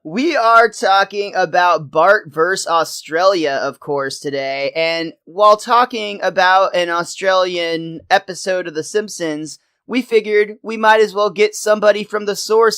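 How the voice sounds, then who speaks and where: A man's voice: sits high, unhurried, hardly any pauses, bright, forceful tone, clean tone, no room sound. A man hosting a podcast, chatting in an upbeat, jokey, teasing way. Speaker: podcast host. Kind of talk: casual chat.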